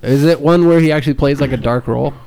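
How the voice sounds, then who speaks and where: A man in a casual group chat, blunt with quick opinions. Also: fairly high pitch, creaky, dark tone, a little hiss or hum, poor audio. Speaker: panelist.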